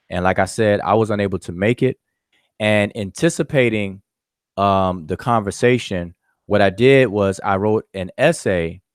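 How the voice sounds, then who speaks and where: A man's voice: fairly low pitch, smooth, no room sound, studio quality. A man giving an informal spoken recap of a lecture, explaining step by step with frequent fillers. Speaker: lecturer summarizing a discussion.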